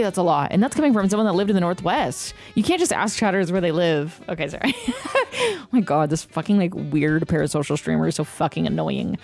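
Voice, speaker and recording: A young American woman with a mid-range voice streams from home into a desk mic. She chats loosely with her viewers, joking, teasing them, and cursing freely.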